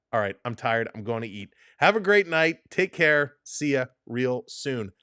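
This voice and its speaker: Excitable man calling hockey live. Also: medium pitch, unhurried, clean tone, dry recording, studio quality. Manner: energetic and excitable, laughs often. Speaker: host of a live hockey watch-along stream. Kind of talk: excited live play-by-play and recap.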